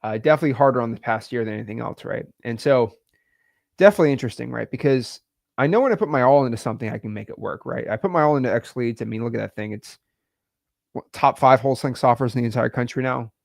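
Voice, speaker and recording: A man's voice: mid-range voice, gravelly, no room sound. Young guy on a livestream, emotional, stumbles over his words, sighs a lot, dry sound. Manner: halting, repeats words, sighs, swings between loud and quiet. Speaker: live-stream host. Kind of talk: emotional live-stream talk.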